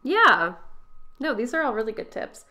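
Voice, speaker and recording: A woman's voice: on the high side, very animated, moderate pace, pushed and bright. A woman hosting a podcast, asking her guest curious questions and recapping his answers. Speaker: podcast host. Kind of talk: casual podcast interview.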